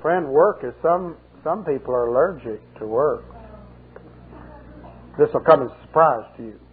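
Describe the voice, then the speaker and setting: An older male pastor delivers a sermon full of folksy, humorous stories, his voice a little high, animated, and moderately paced. The 1980 tape is muffled and sounds almost like a phone line.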